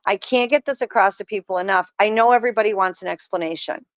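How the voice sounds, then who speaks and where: A woman's voice: mid-range voice, quick pace, no room sound. A middle-aged woman guest telling stories in a casual chat, earnest and emphatic. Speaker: podcast guest. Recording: dull lo-fi sound.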